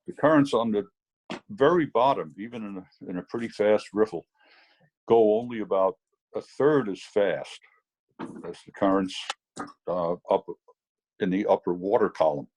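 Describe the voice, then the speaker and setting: A man's voice: lowish voice, moderate pace, pauses often, darkish tone, slight background noise, poor audio. A man teaching fly fishing over a video call, telling a rambling story full of fillers. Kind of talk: anecdotal teaching demo.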